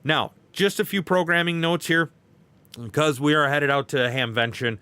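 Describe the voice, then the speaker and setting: Man, podcast host, high voice, folksy emphatic rant, dry sound. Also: moderate pace, bright, forceful tone, clean tone, dry recording. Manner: folksy, emphatic, repeats catchphrases. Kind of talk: casual podcast talk.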